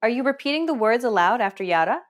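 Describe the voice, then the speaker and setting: A woman presenting a scripted language lesson, with upbeat and clear instructional delivery. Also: a little high, animated, fast talker, a little hiss or hum. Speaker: language teacher.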